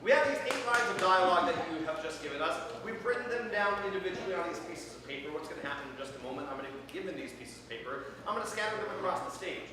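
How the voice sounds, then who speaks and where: High lively guy hosting an improv show, echoey hall, sounds far from the mic. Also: racing, few pauses, heavy background noise. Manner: upbeat, explains the game and repeats audience shout-outs. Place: comedy theatre stage with live audience.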